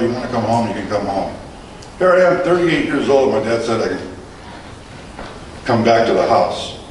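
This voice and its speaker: A man in his forties or older tells his personal testimony to a church audience, acting out his own lines and the other people's lines as he goes. His voice sits at an ordinary pitch for a man. It rings through a very echoey hall, picked up from a distance, with faint room noise underneath. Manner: storytelling, acting out dialogue, chuckling. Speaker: guest speaker giving testimony.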